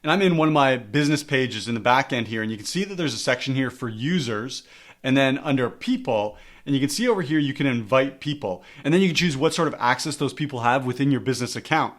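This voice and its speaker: A man's voice: mid-range voice, lively intonation, fast, a bit bright. A man teaching a screen-recorded tutorial as a marketing coach, emphatic and fond of repeating key words for stress. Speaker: coach explaining social media marketing.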